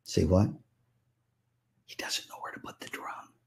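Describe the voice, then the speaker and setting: An older man giving a keynote to music teachers, telling lively anecdotes and acting out the voices of people in them. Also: a little slow, in a whisper. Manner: animated, acts out voices in anecdotes. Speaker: keynote speaker. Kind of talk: storytelling keynote. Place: virtual conference talk.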